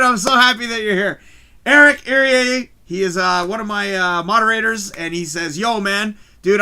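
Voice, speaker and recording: A man hosting a live stream from his home, ranting excitedly about a show, swearing constantly and shouting at the big moments, his mic distorting when he gets loud. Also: high-pitched, clear, resonant tone. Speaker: livestream host. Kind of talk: excited live review rant. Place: home room, early morning.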